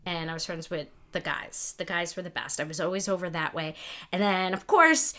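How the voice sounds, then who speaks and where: A woman's voice: on the low side, a little fast. A woman co-hosting a podcast, telling stories in a casual chat and acting out the people she quotes. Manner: animated, lively storyteller who acts out quotes. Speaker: podcast co-host.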